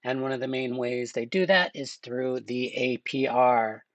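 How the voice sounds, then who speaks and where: A man teaching a live online exam-prep lesson in a relaxed, chatty way, with filler words and joking asides. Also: mid-range voice, a little slow, dry recording. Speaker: webinar instructor.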